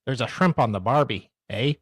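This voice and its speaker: A rowdy ocker Aussie bloke, as a man puts on the voice, with a husky, breathy edge and a dry, close sound. He hams up a broad Australian twang and keeps tacking "mate" and "eh" onto his lines. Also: medium pitch, expressive, normal speed, fairly bright tone, no echo. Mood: mocking. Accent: put-on exaggerated Australian. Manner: tacks "mate", "oi" and "eh" onto every line. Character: boisterous ocker Aussie bloke reading out texts. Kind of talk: comic mock reading of text messages.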